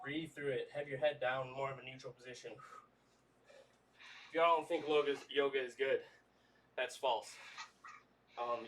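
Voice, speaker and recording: A man leading a livestream workout, coaching stretches in a relaxed, chatty way. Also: medium pitch, recorded from a distance, slight background noise. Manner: easygoing, coaching with lots of "y'all" and "okay?". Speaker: fitness trainer.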